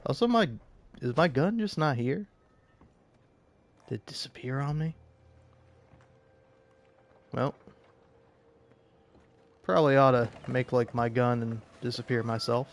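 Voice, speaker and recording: A man's voice: medium pitch, slow, pauses often. A man giving casual let's-play commentary, joking and laughing often. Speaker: gaming video host.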